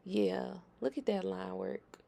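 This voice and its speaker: A woman's voice: medium pitch, slow pace, creaky, dark tone. A woman hosting a nail tutorial, talking viewers through her work in a chatty, emphatic voice-over.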